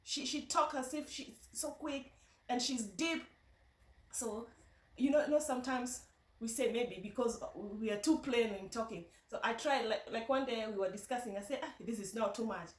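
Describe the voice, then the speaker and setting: A woman with a Kenyan accent telling a story casually to camera, animated, laughing often and restarting her sentences. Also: on the high side, moderate pace, echoey room, far from the mic, low-quality recording. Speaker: vlogger. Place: in the United Kingdom.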